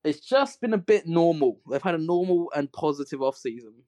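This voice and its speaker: Brief: male co-host, slightly high voice, very lively pitch, comic rambling. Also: fairly quick, dry recording. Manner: animated, rambling, comic asides. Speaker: podcast co-host. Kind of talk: casual sports chat.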